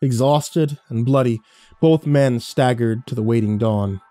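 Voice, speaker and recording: A man's voice: mid-range voice, a little slow, dark tone, dry recording, soft background music. A man narrating a horror story with intensity that rises during action.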